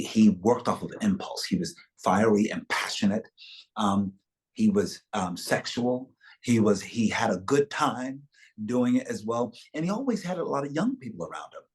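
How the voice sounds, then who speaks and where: A man's voice: on the low side, animated, moderate pace. A man speaking as an actor guest in a webchat interview over a video call, reflective and expansive in the way he tells things.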